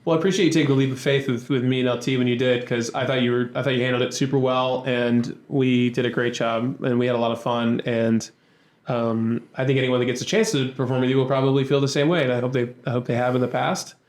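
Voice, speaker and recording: A man hosting a casual podcast, talking in a rambling, playful way at a middle pitch. His voice rings in an echoey room. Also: little pitch movement, fast talker, a little mellow. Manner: rambling, playful, with many restarts and fillers. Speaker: podcast host. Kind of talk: casual chat.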